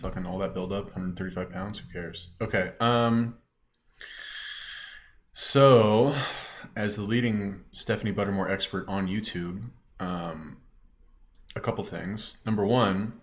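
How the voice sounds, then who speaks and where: A man's voice: deep voice, measured pace. A man giving a ranting reaction commentary as a YouTube commentator, blunt, scornful and swearing often.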